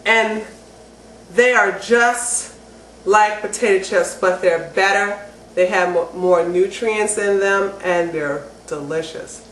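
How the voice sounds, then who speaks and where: A woman giving a casual, enthusiastic cooking how-to demonstration at home, chatty and getting excited. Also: mid-range voice, slow. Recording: roomy echo with faint background noise.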